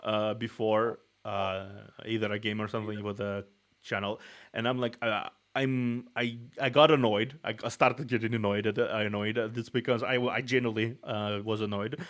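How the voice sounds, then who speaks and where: A man hosting a reaction stream, talking in a rambling, halting, reflective way. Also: fairly low pitch, little pitch movement, fairly bright tone. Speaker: streamer host. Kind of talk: casual reaction-stream chat.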